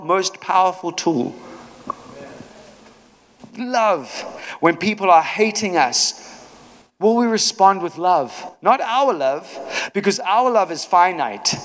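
A man preaches with earnest, conversational warmth, telling stories from the pulpit. His voice sits a little high for a man. A long reverb from a church hall hangs behind every line. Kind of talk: sermon.

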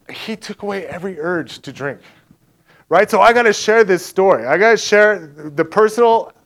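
A man's voice: fairly high pitch, fairly bright tone, clean tone. Man giving a chatty sermon testimony. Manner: casual storytelling, laughs often. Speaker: preacher.

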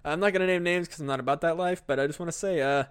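A man's voice: fairly high pitch, racing, smooth. A man co-hosting a comedy podcast, talking in a laid-back, sweary way. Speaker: podcast co-host. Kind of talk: casual chat.

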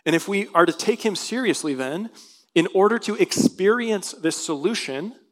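A man's voice: sits high, lively intonation, normal speed. A male pastor preaching a sermon, reading scripture aloud and explaining it earnestly. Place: church sanctuary.

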